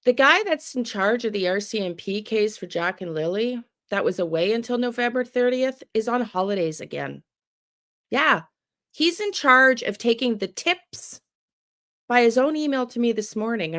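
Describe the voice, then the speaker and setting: A woman's voice: fairly high pitch, lively intonation, normal speed, fairly bright tone. An older woman hosting a true crime channel, angry and swearing heavily, sick with the flu and tired. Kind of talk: angry live video rant.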